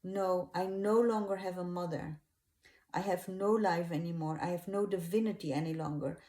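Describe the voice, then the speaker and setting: A woman's voice: fairly low pitch, fairly even intonation, moderate pace, warm tone, reverberant, lightly acted. A woman voicing an anguished grown man who pleads and prays in agony, raising her voice above her own. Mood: resolute. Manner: pleading, sobbing-edged outbursts.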